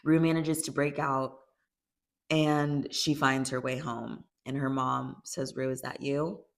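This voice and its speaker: A woman's voice: very deep voice, flat delivery, takes it slowly, creaky. A young woman casually recapping a TV series episode by episode, chatty and full of "like," acting out the characters' lines as she goes. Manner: chatty, acts out quotes with "she's like". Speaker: show recapper.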